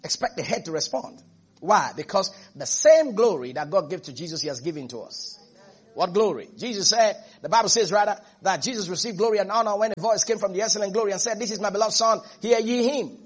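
A man preaching a sermon in a strikingly high, husky voice. He is emphatic, repeats key phrases and keeps asking the congregation whether they are listening. His delivery swings between raised, driving stretches and quieter, intimate ones. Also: lively intonation, quick pace. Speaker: pastor.

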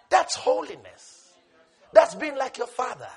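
A man preaching a sermon with passion, swinging between loud shouted refrains and soft low asides, laughing and repeating key words. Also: sing-song, moderate pace, husky.

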